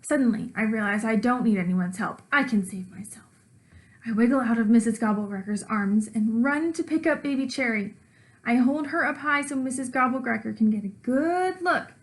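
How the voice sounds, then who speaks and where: A woman teacher reads a children's book aloud with expressive storytelling. Her voice sits a little high, and she pauses to ask her young listeners questions.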